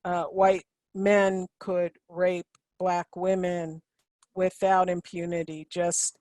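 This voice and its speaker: A woman's voice: on the low side, dry recording. A woman presenting a webinar lecture in a conversational way, with frequent asides to her audience.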